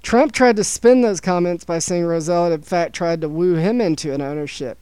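A man's voice: high voice, brisk, a little mellow, smooth, dry recording, poor audio. A man hosting a casual podcast, walking through a story from his notes and slipping in dry jokes. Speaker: podcast host presenting a story.

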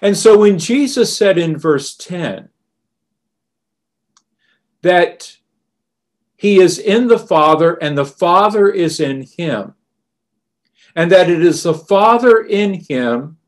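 A man preaching a sermon in a slow, earnest and deliberate way, dropping softer on the verses he quotes. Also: high voice.

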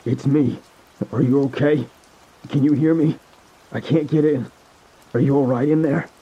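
A man voicing a frantic male friend who shouts pleading questions through a stone door, the sound muffled and dull with rain behind it. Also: mid-range voice, fairly even intonation, a little slow, breathy edge, pitched above the performer's own voice.

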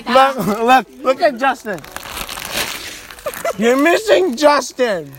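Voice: high-pitched, sing-song, takes it slowly, background noise. A young adult chatting casually with friends, swearing a lot, laughing often and teasing. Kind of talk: casual chat among friends. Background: loud hip hop music.

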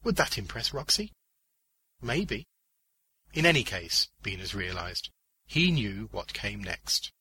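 Expressive male story narrator. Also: lowish voice, takes it slowly, pauses often, breathy edge, no room sound, poor audio. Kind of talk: scripted audiobook narration.

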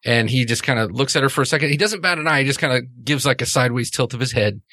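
A man's voice: medium pitch, very fast, pushed and bright, no room sound. Guy running a tabletop game, chatty, lots of likes, dry close sound. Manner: casual, many "like" fillers. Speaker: game master.

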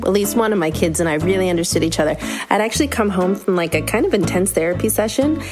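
A woman's voice: mid-range voice, expressive, fast, music in the background. A woman, a podcaster and a mother, telling a casual, heartfelt story about her kids and quoting them. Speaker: guest podcaster.

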